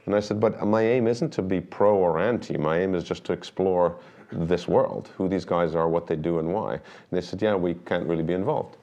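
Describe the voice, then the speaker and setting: A middle-aged man, a documentary filmmaker, telling stories in a relaxed interview and acting out the dialogue he quotes. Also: low voice, normal speed. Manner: animated anecdotes, acts out quoted dialogue. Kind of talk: conversational storytelling interview.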